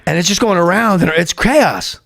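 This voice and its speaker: A man's voice: high-pitched, normal speed, no echo, clean studio sound. A middle-aged man, a comedian, telling a story in casual chat and acting out the voices in it. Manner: animated, acts out voices in his stories. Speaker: guest comedian.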